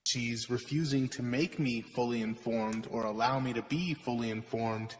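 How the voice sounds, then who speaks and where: A man's voice: mid-range voice, steady tone, normal speed. Guy narrating his court clip, grumbly and lecture-y, with a long echo tail. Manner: aggrieved, lecturing. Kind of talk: explanatory voice-over.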